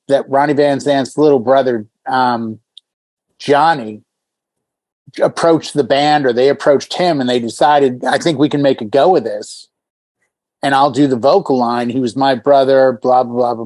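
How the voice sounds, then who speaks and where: A man's voice: mid-range voice, moderate pace, darkish tone, dry recording. A man co-hosting a casual music chat show, telling long anecdotes about bands. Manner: chatty, tells long anecdotes. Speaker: co-host.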